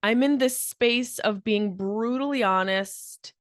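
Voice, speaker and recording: A woman's voice: a little high, slow pace, dry recording, clean studio sound. A woman comedian hosting her own podcast, talking in a brash, profane, fired-up comic monologue.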